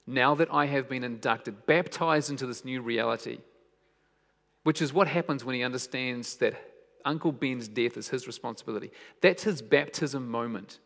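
A male preacher speaks at an ordinary pitch. He tells his stories by dropping to hushed lines and then rising into emphatic questions, and his voice rings out with a long hall reverb behind it. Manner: storytelling, shifts between soft hushed lines and raised emphatic questions. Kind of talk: sermon.

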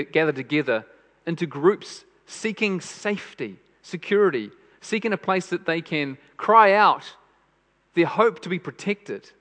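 Long hall reverb carries the fairly high, bright voice of a man preaching a sermon. He speaks earnestly and repeats phrases to emphasize them.

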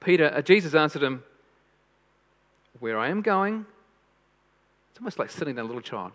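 A man's voice: a little high, big pitch swings, moderate pace, pauses often, a bit bright. Man preaching in a reverberant hall. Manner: earnest, repeats phrases for emphasis. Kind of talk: sermon.

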